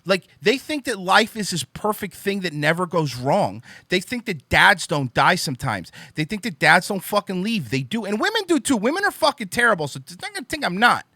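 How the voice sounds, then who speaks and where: Young male podcast host, high bright voice, emphatic profane ranting, dry close sound. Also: sing-song, a little fast, few pauses, dry recording. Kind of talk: casual opinion monologue.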